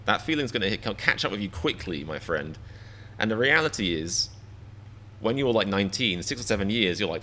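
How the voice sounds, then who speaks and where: A man's voice: fairly low pitch, lively intonation, moderate pace, sharp tone, slight background noise. An English man in his thirties, chatting casually to a live-stream audience in a rambling, self-deprecating, mock-exasperated way. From England. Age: 30s.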